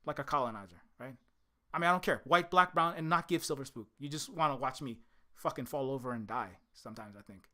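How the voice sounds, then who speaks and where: A man from Hawaii, an indie game developer, delivering a heated, profane rant to camera, repeating himself and swinging from shouting to weariness. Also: medium pitch, quick pace. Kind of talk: direct-to-camera angry rant.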